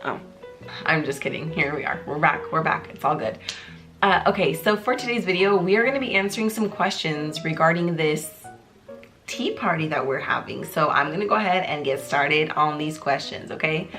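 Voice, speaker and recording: Woman vlogger, low pitch, chatty and joking, music playing under her. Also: animated, normal speed, a bit bright. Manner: bubbly, chatty, jokey, with many fillers. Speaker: YouTuber host. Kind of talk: casual chat to camera. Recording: clear background music under the voice. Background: music playing in the background.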